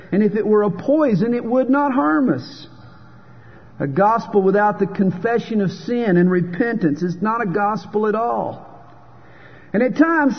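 A man preaching a sermon as pastor, emphatic and dramatic, with pauses for effect. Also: sits high, husky. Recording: dull sound with long hall reverb.

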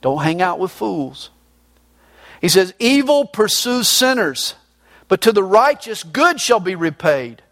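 A man in middle age preaching with emphatic force. His voice sits high for a man, and he moves between loud declarations and low, quiet points. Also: sing-song, a little slow. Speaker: pastor. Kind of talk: sermon.

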